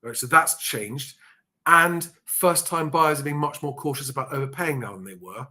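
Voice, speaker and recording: A man's voice: a little high, normal speed, sharp tone. A man hosting a podcast, giving frank, matter-of-fact advice in casual chat and swearing now and then. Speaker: podcast host, property expert.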